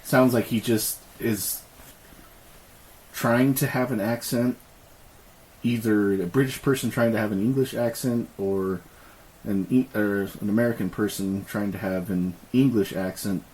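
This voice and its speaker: A man with a lowish voice co-hosts a podcast in loose, casual chat. He laughs easily, swears often and throws in quick agreeing replies. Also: fairly even intonation, darkish tone, poor audio. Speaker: podcast co-host.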